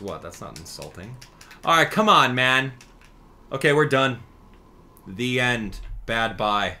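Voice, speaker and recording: A young gaming streamer with a low-pitched, pushed and bright voice plays a video game while casually commenting and teasing his chat. He jokes a lot and his mood swings quickly.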